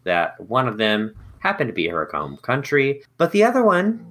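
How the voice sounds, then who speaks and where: A woman co-hosting a casual history podcast, narrating slowly with playful jokes. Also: a bass voice, huge pitch swings. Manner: slow, playful, jokey narration. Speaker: podcast co-host.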